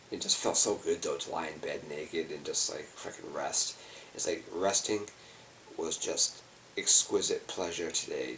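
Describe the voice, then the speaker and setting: A man's voice: extremely low pitch, creaky, a bit bright, recorded from a distance, a little hiss or hum. An exhausted man rambling in a loose, profane way, with lots of fillers. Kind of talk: rambling personal video monologue.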